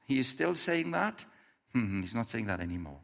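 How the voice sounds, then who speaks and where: A man speaking at normal speed, medium in pitch and a bit bright, with a sing-song quality and some vocal fry, preaches a sermon. He animates a story and asks the gathered audience questions, in an evening church or meeting room with a reverberant hall sound.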